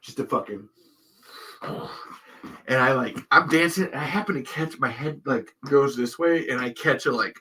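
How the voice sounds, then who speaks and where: A podcast host, a man with a bright, ringing voice, spins a long casual story. He curses freely and breaks into laughter mid-sentence. He jumps into other people's lines with raised, animated voices. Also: mid-range voice, measured pace, long pauses, slightly rough. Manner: animated, profane, acts out quotes in raised voices.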